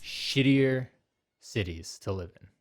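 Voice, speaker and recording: A man's voice: medium pitch, animated, slow pace, soft background music. A man from Massachusetts co-hosting a casual podcast, teasing and playful, swearing freely in banter. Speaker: podcast co-host. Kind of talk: casual chat.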